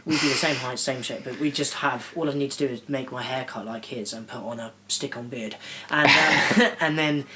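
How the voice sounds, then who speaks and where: A man's voice: mid-range voice, moderate pace, hardly any pauses, heavy background noise. A young man co-hosting a podcast, chatting casually and telling self-mocking stories. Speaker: podcast co-host. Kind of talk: casual chat.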